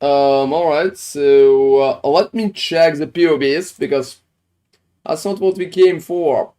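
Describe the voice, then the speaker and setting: His pitch is fairly high and his tone warm, and he takes his time. During a game stream he reviews viewers' builds in casual conversation, cursing a lot, and his wording has a non-native feel.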